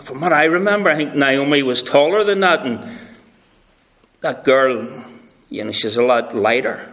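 A man's voice: mid-range voice, lively intonation, moderate pace, fairly bright tone, close to an everyday voice. A man acting out chattering village women gossiping about a newcomer, in a chatty, nosy way. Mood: gossipy.

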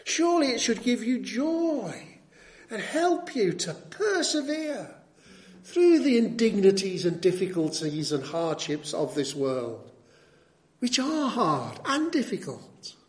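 High-voiced preacher man, emphatic. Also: sing-song, takes it slowly. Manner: emphatic, with rhetorical tag questions; repeats key words for emphasis. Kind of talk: sermon.

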